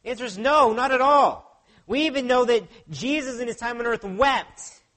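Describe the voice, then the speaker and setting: A man's voice: very high-pitched, moderate pace, a bit bright. A pastor preaching a sermon in an earnest way, often putting questions to his listeners.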